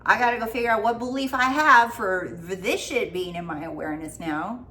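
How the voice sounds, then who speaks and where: A woman's voice: fairly high pitch, fairly quick, sharp tone. A woman life coach giving a casual motivational talk, goofy, blunt and freely swearing.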